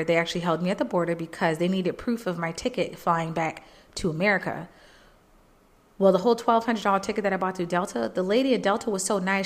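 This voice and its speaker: A woman podcast host telling a personal story in an earnest, faith-filled way, animated and emotional, jumping up in pitch when she quotes people. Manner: emotional, animated retelling, jumps high when quoting people.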